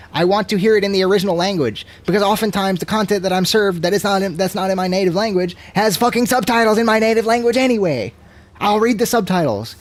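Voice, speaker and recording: A man in his twenties chatting casually to his stream, tipsy, swearing a lot and swinging between loud rants and low mumbles. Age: 20s. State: tipsy from drinking.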